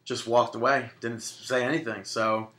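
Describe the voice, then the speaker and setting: Male podcast co-host, very bright tone, casual banter. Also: mid-range voice, little pitch movement, normal speed. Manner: joking, banters. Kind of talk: casual chat.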